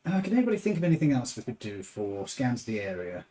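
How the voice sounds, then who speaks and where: A man's voice: medium pitch, very animated, fast talker, warm tone, slight background noise. A man playing a tabletop role-playing game, asking thoughtful, methodical questions with some restarts. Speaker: player.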